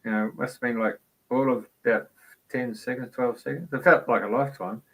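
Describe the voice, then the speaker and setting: A man's voice: mid-range voice, steady tone, fairly quick, a bit bright, husky, poor audio. A man hosting a radio talk show, telling a casual anecdote in a chatty way. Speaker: radio host. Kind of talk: casual storytelling.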